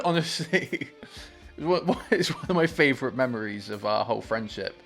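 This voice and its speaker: A man hosting a movie reaction, talking about the film with excited, gushing enthusiasm. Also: medium pitch, a little fast, creaky, faint music behind.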